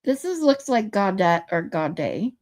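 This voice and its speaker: Reading viewer comments out loud and experimenting with pronunciations, this livestream host chats playfully. Her mid-range voice has a darkish tone and big pitch swings, and she speaks a little slowly.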